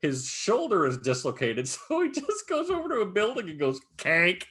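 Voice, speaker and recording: A man's voice: high-pitched, normal speed. A man co-hosting a casual podcast, swearing a lot and acting out movie scenes as he retells them. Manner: animated, swears constantly, acts out movie scenes. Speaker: podcast co-host. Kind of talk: casual chat.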